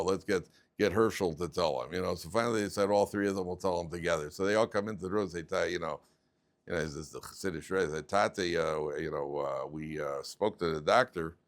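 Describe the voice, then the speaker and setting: A rabbi with a lowish male voice lectures a class, questioning his students and jumping into stories. He acts out the people in his tales and trips over repeated words as he talks. The delivery is loose and conversational, recorded in a classroom.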